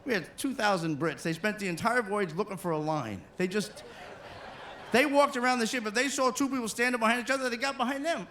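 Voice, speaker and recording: A man's voice: high-pitched, brisk, a bit bright, slight background noise. A man doing stand-up comedy as a cruise ship comedian, working the crowd and slipping into silly put-on voices. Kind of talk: stand-up comedy to a live audience.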